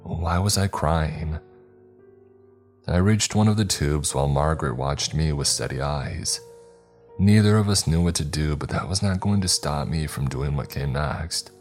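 A man reads a scary story aloud in a measured, somber way. His voice is extremely deep, and faint music plays beneath the narration. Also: a little mellow. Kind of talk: scripted narration.

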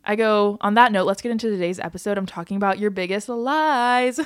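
A young American woman hosting a podcast, chatting casually and bubbly, speeding up in quick bursts with frequent laughs. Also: mid-range voice, clear, resonant tone, dry recording. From United States. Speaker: podcast host.

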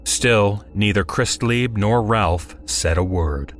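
A man's voice: lowish voice, takes it slowly. A man narrating a horror story in a dry, wry storytelling manner.

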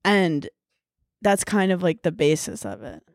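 A woman comedian in casual podcast chat, talking quickly and animatedly and laughing often. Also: on the low side, sing-song, a little mellow, no room sound, clean studio sound.

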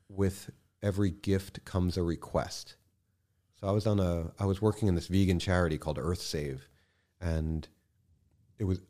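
Man, deep voice, dark mellow tone, impassioned podcast guest, swears, quiet then loud. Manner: swears freely, addresses host as man. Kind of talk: casual podcast conversation.

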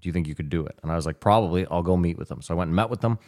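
A man's voice: sits low, very fast, a little mellow. A man from Canada telling a long, rambling story on a casual podcast, acting out the people in it. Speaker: podcast co-host. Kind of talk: casual chat, long anecdote.

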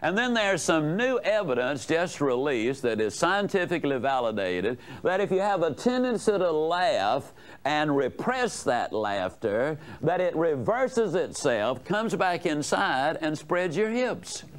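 A man delivering a motivational talk with a fairly high voice that swings widely up and down. He tells folksy, joking stories and puts questions to his listeners. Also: big pitch swings, measured pace. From United States. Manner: folksy, humorous storytelling with audience questions. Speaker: motivational speaker. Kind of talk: motivational lecture to a live audience.

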